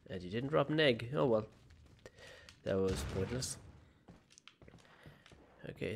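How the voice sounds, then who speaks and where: A man's voice: mid-range voice, creaky, slight background noise. A male gaming host talks through his horror game run from home. His commentary is casual and self-mocking, in a mid-range voice. The sound comes through a desk mic. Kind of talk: let's play commentary. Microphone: desk mic with webcam.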